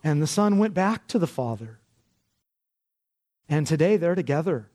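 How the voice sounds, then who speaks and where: A man preaching a sermon with great passion, dropping to a hush and then rising to loud, urgent cries. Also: fairly high pitch, expressive, normal speed. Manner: impassioned, swinging from hushed to loud. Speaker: pastor.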